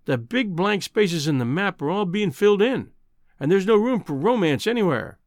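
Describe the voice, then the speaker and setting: Casting note: a man playing an old Scottish editor, kindly and fussy, with a lively, rising and falling voice and a dry, close sound. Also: high voice, normal speed, no echo, pitched above the performer's own voice. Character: kindly old balding male newspaper editor.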